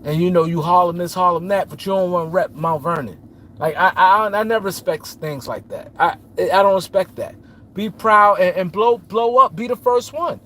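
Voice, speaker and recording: A man's voice: high voice, normal speed, bright, forceful tone, a little hiss or hum. A man hosting a casual sports talk stream, repeating points and greeting viewers by name. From New York City. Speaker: show host. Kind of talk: casual sports commentary livestream.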